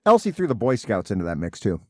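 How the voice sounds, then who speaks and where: A man co-hosting a casual comedy podcast, making dry deadpan remarks. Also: lowish voice, fast, no echo. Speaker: podcast co-host.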